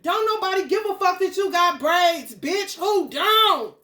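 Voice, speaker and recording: A woman's voice: very high-pitched, expressive, a little slow, pushed and bright, reverberant. A woman ranting angrily, confrontational and full of swearing. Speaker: spiritual content creator. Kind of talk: profane stream-of-consciousness rant.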